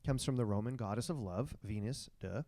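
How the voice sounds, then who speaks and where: A man's voice: on the low side, brisk, warm tone, no echo, studio quality. A man co-hosting a casual comedy podcast, presenting the topic in a playful, joking way. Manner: playful, jokey, breaks into silly sung bits.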